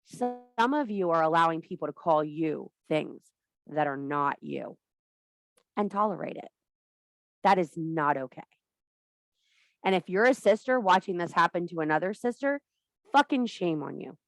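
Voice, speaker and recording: A woman's voice: fairly low pitch, expressive, normal speed, long pauses, no room sound. A woman giving an impassioned, blunt and profane talk to a women's circle as a spiritual teacher. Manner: blunt, profane, emphatic preaching.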